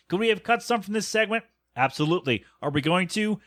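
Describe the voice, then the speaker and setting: Male podcast host, bright dry close-mic sound, rambling jokey sign-off. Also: a little high, lively intonation, a little fast, no room sound. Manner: self-deprecating, meandering and jokey.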